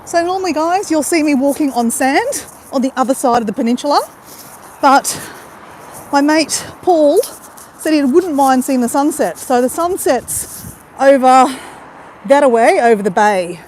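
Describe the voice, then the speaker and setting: A woman's voice: sits high, animated, moderate pace, darkish tone, a little hiss or hum. A middle-aged Australian woman livestreaming from her phone as she walks a waterside path outdoors, chatting casually with viewers and greeting them by name. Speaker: vlogger livestreaming a walk. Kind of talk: casual live-stream chat. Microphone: phone held while walking.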